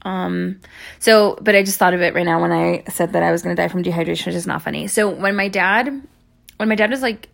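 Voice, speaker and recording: Low gravelly woman rambling on, lots of likes and ums, swears a bunch, keeps saying sorry. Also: steady tone. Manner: apologetic, talks fast in bursts. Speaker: audio creator talking to listeners. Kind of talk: casual rambling chat and storytelling.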